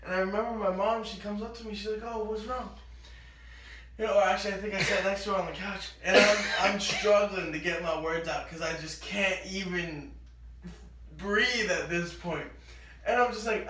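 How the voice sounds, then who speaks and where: A man telling a childhood story in casual chat, animated and acting out the lines he quotes. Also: high-pitched, moderate pace. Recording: echoey room, mic at a distance.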